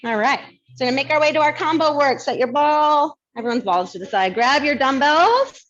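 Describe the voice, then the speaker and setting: A woman's voice: sits high, expressive, a little fast, fairly bright tone, dull audio. Chatty woman coaching a barre class. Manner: chatty, laughs often, counts reps; mild lisp from new aligners. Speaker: barre fitness instructor. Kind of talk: live fitness class instruction.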